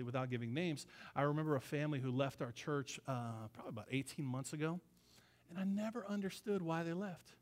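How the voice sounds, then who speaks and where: A man who is a pastor, preaching a conversational sermon in a casual, emphatic way with slangy asides. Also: a little high.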